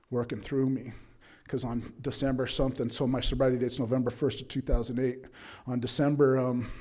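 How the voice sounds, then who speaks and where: A man at a recovery meeting recounting his own story at an average pitch. He talks loosely and conversationally, leaning on "right?" and plenty of fillers. He slips into the voices of the people in his story. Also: warm tone. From Utah, USA. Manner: acts out dialogue of others in his story. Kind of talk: personal recovery testimony.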